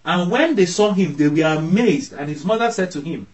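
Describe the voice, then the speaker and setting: A man's voice: sits high, lively intonation, moderate pace, rough recording. A man preaching a sermon as pastor, emphatic, his voice rising sharply when he acts out scolding parents.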